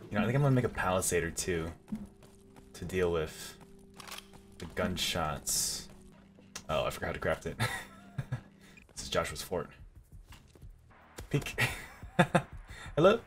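A man hosting a casual gameplay video, jokey and excitable, yelping and laughing through his commentary. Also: deep voice. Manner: excitable, jokey, yelps and laughs at close calls. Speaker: gaming video host.

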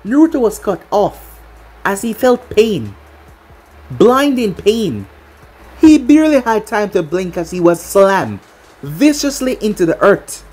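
Husky woman narrating a story. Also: mid-range voice, a little mellow. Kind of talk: fan fiction read aloud.

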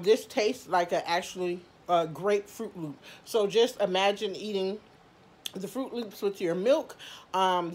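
A woman reviewing snacks in a casual, candid vlog, chatting straight to her viewers with mild cursing. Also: fairly low pitch. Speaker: food review vlogger.

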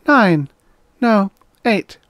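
A man voicing a shy, hesitant eight-year-old boy in a much higher voice. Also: expressive, very slow, a bit bright, dry recording, full character voice. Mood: timid. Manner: timid, hesitant.

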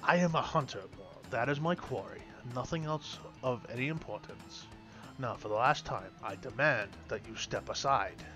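A proud hunter god with axes, stern and demanding, as a man reads him aloud. His voice is lifted a little higher and louder than plain narration, over background music. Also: normal speed, natural voice. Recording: music playing behind.

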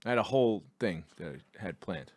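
A man hosting a comedy podcast, reading an ad and bantering quickly. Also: on the low side, lively intonation, a little mellow, no echo, clean studio sound. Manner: rapid, chatty delivery. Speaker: podcast host. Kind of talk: casual podcast banter and ad read.

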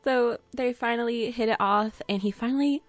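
A woman's voice: a little high, moderate pace, faint music behind. A young woman hosting a let's play, chatting casually about her game with frequent giggles and lots of "like". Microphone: desk USB condenser mic.

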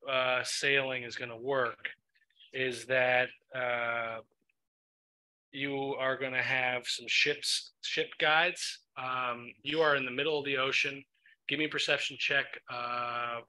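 Man, game master, very bright tone, casual rambling narration, mid pitch. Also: slow pace, rough recording. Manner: relaxed, filler-heavy narration with many ums.

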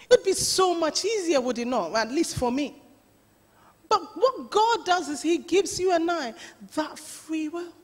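Animated woman preacher in echoing hall. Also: very high-pitched, a little slow. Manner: storytelling, animated, laughing often. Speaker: pastor. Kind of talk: sermon. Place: church. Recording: reverberant church hall.

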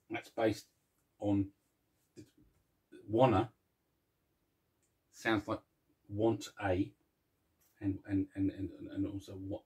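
A man's voice: fairly low pitch, level tone, drawn-out words, pauses often, darkish tone, husky. A man hosting a casual video chat, joking and mocking himself while eating chocolate. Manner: jokey and self-mocking, chuckles at his own puns; eats chocolate while chatting. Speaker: host.

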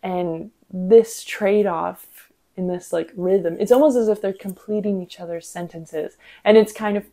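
A woman's voice: mid-range voice, measured pace, dark tone. A woman in her twenties hosting a podcast, explaining acting technique in a chatty, instructional way with casual fillers. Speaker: podcast host and acting coach.

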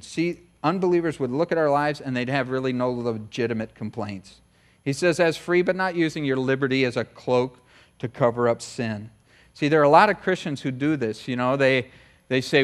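American pastor guy preaching, chatty, slips into little voices, kinda high voice. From United States. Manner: conversational, acts out quick voices of others. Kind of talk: sermon.

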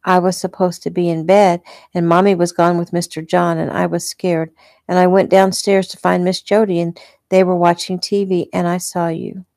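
A woman's voice: lowish voice, little pitch movement, normal speed, gravelly, darkish tone, dry recording, clean studio sound. A woman reading the lines of a defiant, stubborn little girl who rambles in run-on sentences. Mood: chatty.

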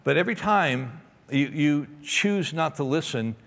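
A male pastor delivers an animated sermon, pressing his points with emphasis. His voice runs fairly high and swells through a large church auditorium, leaving a long reverb tail. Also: unhurried, creaky.

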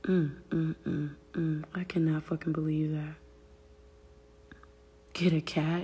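A woman's voice: low-pitched, level tone, slow pace, long pauses, mellow, breathy edge, long reverb tail. A young woman venting on a phone livestream, profane and exasperated, answering viewer comments aloud. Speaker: livestream host. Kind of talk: casual livestream rant.

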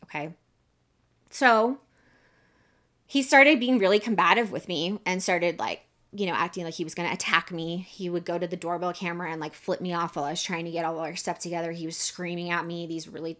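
A woman's voice: lowish voice, fairly quick, a bit bright. A woman hosting a podcast, telling a personal story in a casual, candid way with lots of fillers and some swearing. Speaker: podcast host.

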